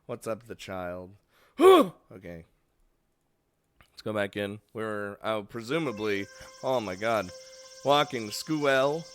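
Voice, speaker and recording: A man's voice: on the low side, sing-song, slow, pauses often, no room sound. A man streaming a game live, rambling and laughing often, casually swearing, just woken up and yawning.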